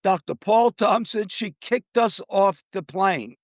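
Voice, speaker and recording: An older man with a high voice tells a travel story, lively and animated, jumping up in pitch to act out the people he quotes. The sound is dry and close. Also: slow, dry recording. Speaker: co-host telling a travel story. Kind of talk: casual storytelling chat.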